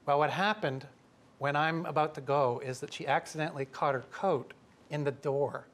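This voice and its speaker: A middle-aged man with a somewhat high voice tells an animated story to a room of listeners. He switches into different voices for the people he quotes, keeping a quick, lively pace. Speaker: professor telling a story at a talk.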